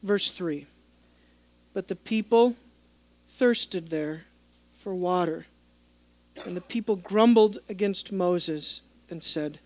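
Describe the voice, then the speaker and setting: In a church, a male pastor preaches a sermon, moving between quiet asides and raised, emphatic passages while questioning the congregation and voicing people from the text. His voice is high and slow, with long pauses and no room sound.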